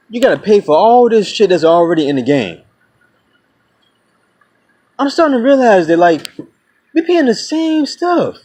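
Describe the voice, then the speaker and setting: In a casual vlog, a man in his twenties rants bluntly to camera, swearing freely and addressing viewers as "y'all" and "man." His voice sits high with a darkish tone.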